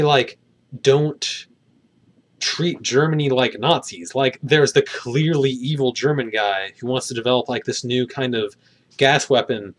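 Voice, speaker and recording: Rambling, hedging male film reviewer. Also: mid-range voice. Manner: rambling, hedging, many fillers. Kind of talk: casual spoken review.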